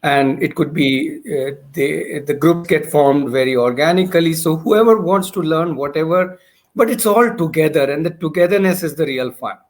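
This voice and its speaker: A man, a founder in a relaxed conversation, explaining his ideas patiently with examples and frequent restarts. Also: fairly high pitch, normal speed. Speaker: founder of a learning community, guest. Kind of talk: casual conversation.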